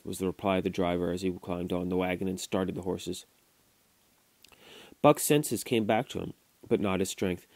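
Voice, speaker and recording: A man reading a classic novel aloud to his children, at a steady storytelling pace with small restarts. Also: low-pitched, moderate pace, long pauses, no echo. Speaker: father reading to his kids. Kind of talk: audiobook narration. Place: home recording.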